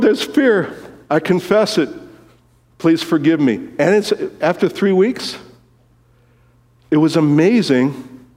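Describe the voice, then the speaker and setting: A man preaching a sermon as a pastor, swinging between loud, lively exclamations and quiet, low asides. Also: long reverb tail.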